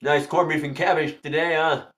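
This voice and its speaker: Chatty high-voiced man hosting a livestream. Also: fairly even intonation, moderate pace, fairly bright tone, a little hiss or hum. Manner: repetitive, chatty, greets viewers by name. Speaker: tarot reader hosting a livestream. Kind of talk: casual livestream chat.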